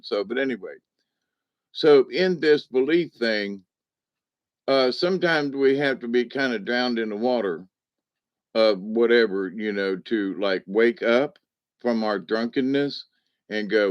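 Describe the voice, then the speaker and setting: A man's voice: mid-range voice, a little slow, no room sound. A man telling stories in a rambling, folksy way, often chuckling, on a dull, dry lo-fi recording. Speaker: spiritual card reader. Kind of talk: casual storytelling monologue.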